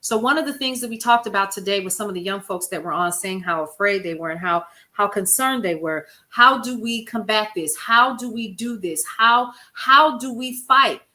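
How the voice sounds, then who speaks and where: A woman hosting a casual livestream, talking to viewers in a folksy, expressive way, calling out names from the chat and telling stories with lively quoted asides. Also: mid-range voice, normal speed, few pauses. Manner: expressive, folksy, animated storytelling with chat shout-outs. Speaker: livestream host.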